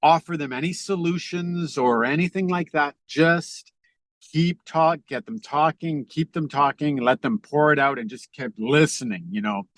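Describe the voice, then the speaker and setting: A man's voice: fairly high pitch, a bit bright, no echo. Middle-aged guy on a zoom call, earnest, lots of ums and restarts, dry close sound. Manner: earnest, halting, with frequent fillers and restarts. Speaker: podcast guest, author. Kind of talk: reflective conversational talk. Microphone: video call.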